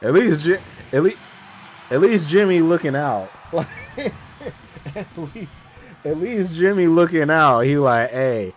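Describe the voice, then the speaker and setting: A man streaming a casual live watch-along, talking excitedly with slang, laughing often and repeating himself. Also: a little high, unhurried, slight background noise. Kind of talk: casual live reaction chat.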